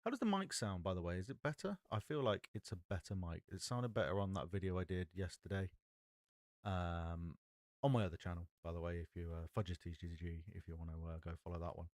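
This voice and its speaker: A man streams from home, musing out loud in an easy, rambling way as he reads card text and works through what it means. His voice sits low and sounds dry and close on the XLR mic. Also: brisk, no room sound. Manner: thinking aloud while reading card text. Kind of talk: casual live-stream chat.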